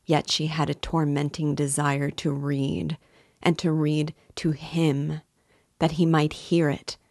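A woman hosting a book club, reading a novel aloud in a slow, measured way. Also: low-pitched, darkish tone, no echo, clean studio sound.

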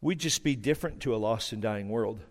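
A man's voice: fairly low pitch, a little fast. Humorous middle-aged male pastor in a reverberant church. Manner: humorous, animated storytelling, teasing the congregation. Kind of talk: sermon. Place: church sanctuary.

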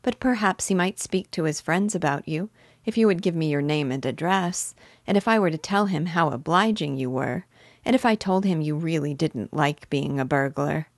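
Lady doing a sweet polite little girl, earnest, kinda low voice. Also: moderate pace, no room sound, studio quality. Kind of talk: storybook reading.

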